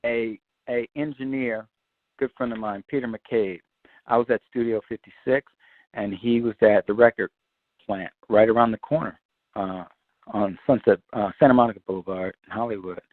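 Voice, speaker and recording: A man, a guitarist, telling an animated, profane story and acting out the other people's voices. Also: fairly low pitch, normal speed, no room sound, narrow, tinny audio. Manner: lively, swears freely, acts out quoted voices.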